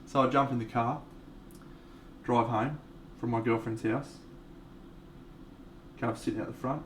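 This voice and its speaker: A man's voice: medium pitch, moderate pace, pauses often. A man, chatting casually and swearing freely as he streams his miniature painting. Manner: laid-back, swears freely, tells an anecdote, laughs often. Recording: distant from the mic with faint background noise.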